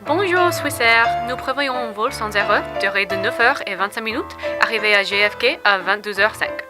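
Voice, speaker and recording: A woman voicing a calm female airline cabin announcer in a smooth, measured delivery, over loud music. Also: on the high side, lightly acted. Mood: polite.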